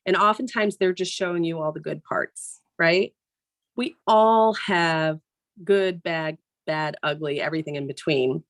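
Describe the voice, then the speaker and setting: A woman's voice: low voice, a little slow. A woman who anchors morning TV news, giving a casual motivational talk to a group in a plain, conversational way and often checking in with "right?".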